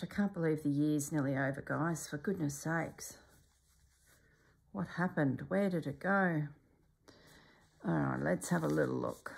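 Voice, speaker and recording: Middle-aged woman, embroidery tutor; slow, gravelly, quietly musing delivery with frequent soft whispers. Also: deep voice. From Australia. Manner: calm, musing, often slipping into a soft whisper. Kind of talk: stitch-along craft tutorial.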